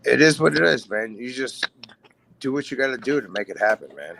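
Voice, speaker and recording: Gravelly-voiced man in his late forties, a podcast guest telling stories with loose, salty talk. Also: mid-range voice, animated, brisk, a bit bright, slight background noise. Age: 40s. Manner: laid-back, profane, says "man" a lot. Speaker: podcast guest, bass player. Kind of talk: casual chat storytelling.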